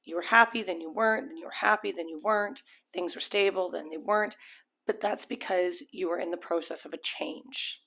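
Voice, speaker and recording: A tarot reader gives a casual, rambling reading to camera, full of restarts and fillers, sometimes acting out what imagined people might be thinking. Her voice is fairly low, brisk, gravelly, pushed and bright.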